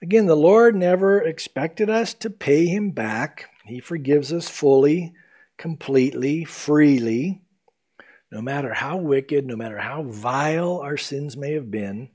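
Earnest preacher with sudden loud peaks. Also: male voice, fairly high pitch, expressive, a little slow, breathy edge. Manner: earnest preaching that swings between loud emphasis and hushed softness. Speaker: pastor. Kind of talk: sermon.

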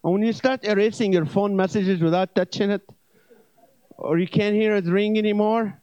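A man's voice: sits high, fairly even intonation, moderate pace, darkish tone, clear, resonant tone, no room sound, lo-fi sound. A male preacher telling jokes and stories, then teaching earnestly with small restarts. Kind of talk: comedic sermon.

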